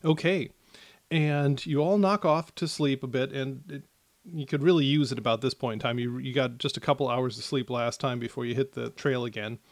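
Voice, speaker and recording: A man narrating as game master of a tabletop game, with many pauses and restarts. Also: medium pitch, no echo. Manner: hesitant, many fillers and restarts.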